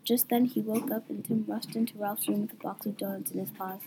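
A young woman reading a story aloud in a plain, even storytelling way. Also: medium pitch, a little fast, background noise. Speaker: story reader.

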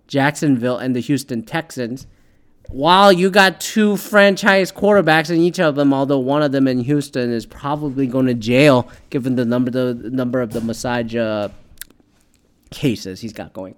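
A man's voice: mid-range voice, clean tone. Profane, rambling sports-ranting man. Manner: profane, rambling, sarcastic, many fillers. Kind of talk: casual opinionated sports rant.

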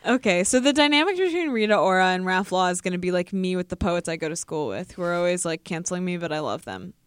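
A woman podcast co-host in easy casual chat, dropping dry, deadpan jokes. Her voice comes through clear and smooth, recorded close and dry. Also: on the low side, fast, no echo. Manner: dry, teasing, deadpan quips.

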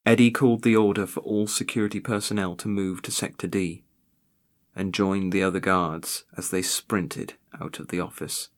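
Low-voiced man narrating a horror story. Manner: tense, rising to frantic in moments of terror.

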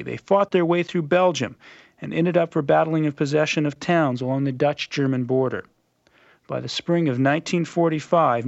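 A man reading scripted documentary narration in a measured, dramatic storytelling manner. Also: on the high side, vocal fry, no echo. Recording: muffled lo-fi radio recording.

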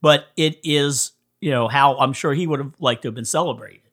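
Speaking a little fast with a medium-pitched voice, a male musician on a podcast relaxes into his stories. He laughs a lot and animatedly performs the lines of the people he quotes.

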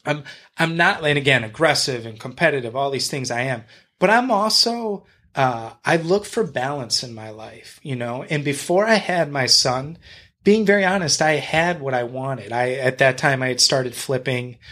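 A man's voice: mid-range voice, animated, moderate pace, bright, forceful tone. A man being interviewed on a podcast as a real estate agent and investor, talking in a blunt, rambling, enthusiastic way and swearing freely.

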